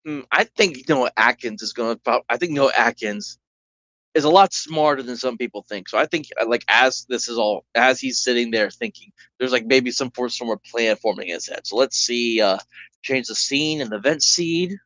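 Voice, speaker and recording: A man's voice: medium pitch, normal speed, sharp tone, no echo. A man chats his way through a solo tabletop game, rambling and breaking off for asides. His mic sounds dull and lo-fi, with a dry, close sound. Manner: rambling, chatty, with restarts and asides.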